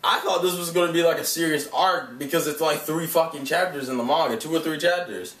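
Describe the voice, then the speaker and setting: Man, fairly high voice, rambling casual review, curses a lot, roomy echo, sits back from the mic. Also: a little fast, fairly bright tone. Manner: rambling, profane, laughs often. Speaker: anime reviewer. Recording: echoey room, mic at a distance.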